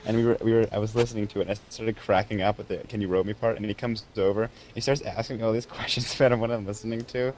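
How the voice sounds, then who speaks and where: A man's voice: on the low side, fairly even intonation, racing, hardly any pauses, darkish tone, slight background noise, low-quality recording. A teenage boy co-hosting a gaming podcast, rambling through a funny school story with giggles. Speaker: podcast co-host. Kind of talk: casual chat, reading voicemails.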